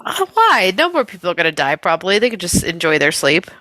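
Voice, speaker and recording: A woman co-hosting a podcast, chatting casually and reacting in a slow, sing-song way. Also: lowish voice, very animated, pushed and bright, dry recording. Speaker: podcast co-host. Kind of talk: casual chat.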